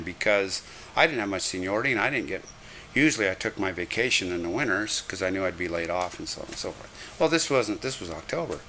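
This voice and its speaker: An older man, a retired railroad conductor, telling lively anecdotes with chuckling asides in a reminiscing style. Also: sits low, fast talker, slight background noise. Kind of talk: reminiscing storytelling.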